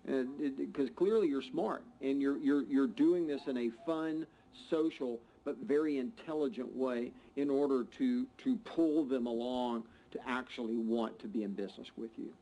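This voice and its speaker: A man hosting a panel talk, speaking haltingly with stammered restarts as he works out his questions. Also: mid-range voice, dark tone, rough recording. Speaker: panel host.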